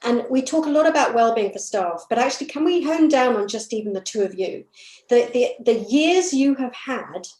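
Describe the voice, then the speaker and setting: A woman's voice: on the high side, animated. British woman chairing, roomy echo. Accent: British English. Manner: warm, searching, halting questions. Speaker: session chair. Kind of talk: panel moderation.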